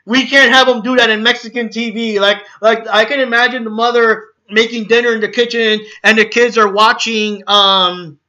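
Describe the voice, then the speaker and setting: Bright-voiced man ranting on a stream. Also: very high voice, steady tone, normal speed, hardly any pauses, highs cut off. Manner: rambling, swearing, frequent fillers and restarts. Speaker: channel host. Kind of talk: casual livestream rant.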